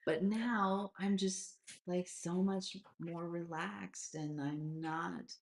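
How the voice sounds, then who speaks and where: Host, woman, 40s, low voice, rambling and lively over a video call. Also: slow pace, creaky, roomy sound, slight background noise. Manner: animated, rambling, lots of fillers. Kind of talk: casual video call chat.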